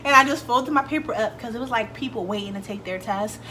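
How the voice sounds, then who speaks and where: A young woman vlogging casually, telling a story in a chatty, animated way, swearing freely and acting out what people said. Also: a little high, quick pace, a little hiss or hum. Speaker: beauty vlogger.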